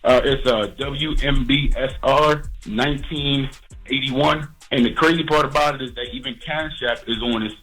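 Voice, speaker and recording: A man's voice: medium pitch, fairly even intonation, moderate pace, a bit bright, breathy edge, faint music behind, rough recording. A man calling into a radio show, earnest, repeating himself and stumbling over words. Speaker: caller. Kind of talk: radio call-in.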